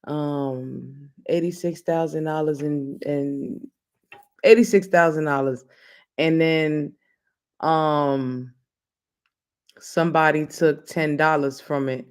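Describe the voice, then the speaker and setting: A man's voice: a little high, a little mellow. Slangy, joking male host. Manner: loose, joking, slangy talk. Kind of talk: casual chat.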